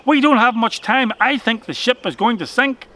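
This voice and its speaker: A man voicing a brave, brisk little male mouse in a children's storybook, speaking quickly and urgently. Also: extremely high pitch, sharp tone, voice pushed up.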